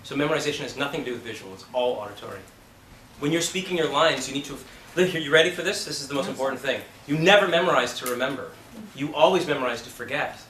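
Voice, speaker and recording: A man leads his acting class in casual, emphatic talk, blunt and quick to swear. His voice is bright and forceful. It is picked up from a distance in an echoing classroom. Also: medium pitch, slight background noise. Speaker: acting teacher. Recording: roomy, from a distance.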